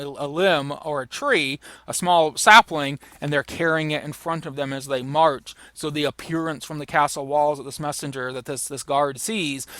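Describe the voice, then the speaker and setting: Male lecturer, slightly high and bright voice, patient explaining, dry close sound. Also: no echo. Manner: explains patiently, reads passages aloud and paraphrases them. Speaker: literature lecturer. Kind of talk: recorded lecture.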